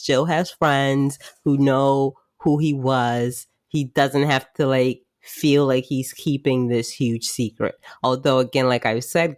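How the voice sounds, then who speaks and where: Slow, chatty woman podcast host. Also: very deep voice, darkish tone, dry recording. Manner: chatty, wry, says "like" often. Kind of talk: casual drama recap commentary.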